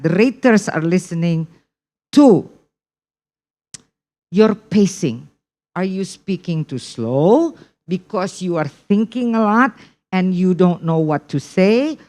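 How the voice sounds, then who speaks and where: A woman instructor giving an English test preparation lesson, speaking deliberately and checking in with her listeners often. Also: fairly low pitch, darkish tone. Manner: slow, deliberate teaching with repeated check-ins.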